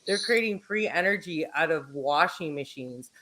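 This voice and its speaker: A woman's voice: low voice, lively intonation, moderate pace, sharp tone, slight background noise. A woman in casual conversation on a group call who talks over others and laughs often. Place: bathroom.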